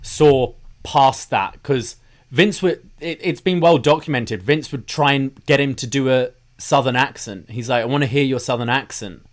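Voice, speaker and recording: A man co-hosting a casual wrestling podcast, measured as he recaps dates and venues. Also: medium pitch. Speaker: podcast co-host.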